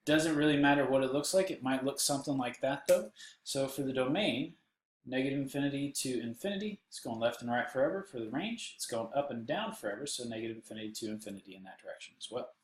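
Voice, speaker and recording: A man's voice: mid-range voice, lively intonation, quick pace, echoey room, low-quality recording. A man with a Texan accent teaching a recorded math lesson while seated, with playful jokes and silly voices on the side. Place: indoors, seated.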